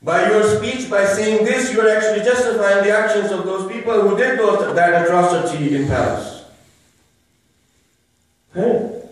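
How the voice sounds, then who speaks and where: A man delivers a religious lecture to a live audience, hammering his points home through repetition and rhetorical questions. His voice sits very high for a man. It comes from some way off the mic and rings through a strongly echoing room. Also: moderate pace. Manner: emphatic, repeats phrases and asks rhetorical questions. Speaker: religious speaker. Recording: very echoey room, voice from far off. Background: listeners murmuring responses.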